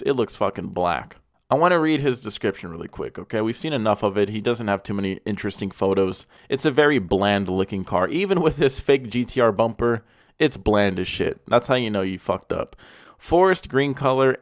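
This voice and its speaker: A man's voice: lowish voice, dry recording, studio quality. A young man hosting a car review, talking with blunt, profane, mocking sarcasm. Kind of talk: profane comedic car commentary.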